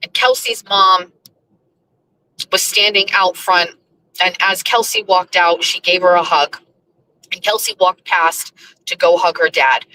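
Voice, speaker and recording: A woman's voice: lowish voice, steady tone, measured pace, pauses often, sharp tone, slight background noise, poor audio. A woman hosting a casual live chat from her car while she drives, chatty, scattered and blunt, sounding emotional and overwhelmed. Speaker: host. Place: car, driving.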